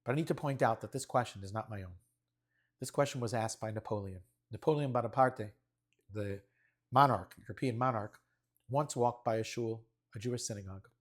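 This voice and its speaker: Earnest rabbi telling a story. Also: male voice, lowish voice, brisk. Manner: earnest storyteller who acts out voices of children. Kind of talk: storytelling sermon.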